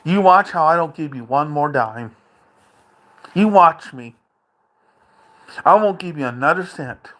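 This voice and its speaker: A man vlogging an angry, profane rant from a dark room at home, taunting and repeating himself. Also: fairly high pitch, expressive, measured pace, pauses often.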